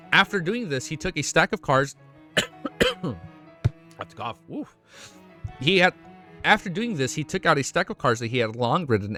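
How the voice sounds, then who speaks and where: Man, webnovel reaction streamer, lively swinging pitch, reads aloud then reacts, frequent swearing, faint music underneath. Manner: swears a lot, excitable outbursts between read passages. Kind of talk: reading aloud and reacting casually.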